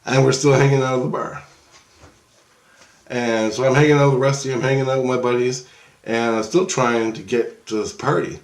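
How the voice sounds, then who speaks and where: A man telling a dream story in a rambling, excitable, profane way and acting out the dialogue. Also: mid-range voice, normal speed, roomy sound.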